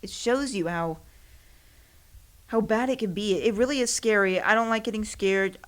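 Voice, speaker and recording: In a mid-range voice at normal speed, a young woman chats casually on her own podcast. It's a solo, rambling talk, self-deprecating and broken up by frequent laughs.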